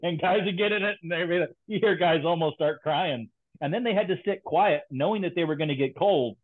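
A man's voice: a little high, a little fast. A man casually telling stories from his training days, with dry, teasing banter. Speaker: former SEAL guest. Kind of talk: casual storytelling chat. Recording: tinny phone-like line.

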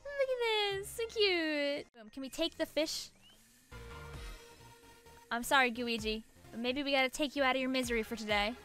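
A woman streaming a video game, chatting casually to viewers in an excitable, giggly way and cooing over cute things. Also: a little high, moderate pace, pauses often, soft background music. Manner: excitable, giggly, coos at the cute dog, squeals "no!". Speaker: gaming streamer. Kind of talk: casual let's-play commentary.

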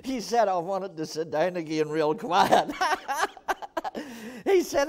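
A man's voice: high voice, measured pace, darkish tone. A man preaching a sermon in a church, telling stories with fervour and calling on the congregation to respond. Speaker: pastor. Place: church auditorium.

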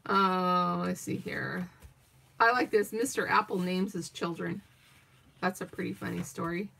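A woman's voice: on the low side, unhurried, creaky, sharp tone. Chatty older woman crafting on a livestream. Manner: chatty and meandering, thinking aloud while cutting out pictures. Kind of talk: casual livestream chat and reading a children's story aloud.

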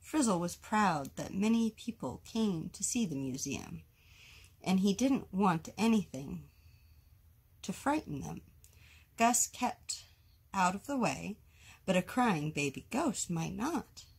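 A woman reading a children's picture book aloud, slow and expressive, giving the characters their own voices. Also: medium pitch, vocal fry, slightly rough. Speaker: storyteller.

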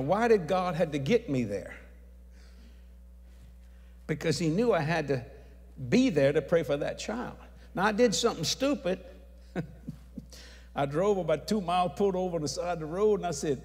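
Evangelist telling stories, echoing hall. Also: male voice, on the high side. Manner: animated, acts out dialogue, shouts at climaxes. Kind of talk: storytelling testimony sermon. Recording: long hall reverb.

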